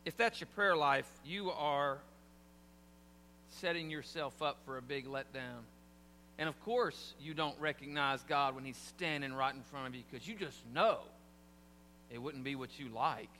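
A man's voice: mid-range voice, measured pace, bright, forceful tone, big-room sound, a little hiss or hum. A man preaching a sermon in a church, talking conversationally with humor and asides to the congregation. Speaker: pastor. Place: church sanctuary.

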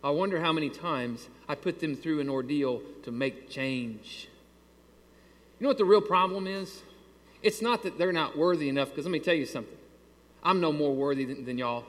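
A man preaching to his church, telling a story in an animated, exasperated way. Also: a little high, normal speed. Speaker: pastor. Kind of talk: sermon with a storytelling aside. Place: church sanctuary. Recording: long hall reverb.

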